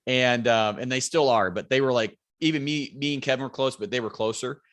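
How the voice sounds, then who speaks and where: A man with a bright, forceful voice tells a hunting story as a podcast guest, animated and loose-tongued. He swears freely and pitches up to act out friends yelling across a mountainside. The sound is dry and close, with no room around it. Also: a little fast, no room sound. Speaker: podcast guest, bow hunter. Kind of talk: casual hunting story telling.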